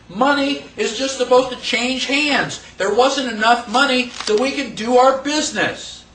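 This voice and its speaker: Man lecturing a class, high voice, animated, echoey room heard from afar. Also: measured pace, few pauses, distant mic, a little hiss or hum. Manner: animated, asks the class questions, acts out quotes. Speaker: teacher of a constitution class.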